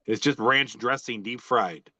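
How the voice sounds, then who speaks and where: A man's voice: medium pitch, measured pace, sharp tone, no room sound, dull audio. A man co-hosting a casual podcast, reading out social media posts with a joking, rambling delivery and lots of fillers. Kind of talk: casual chat.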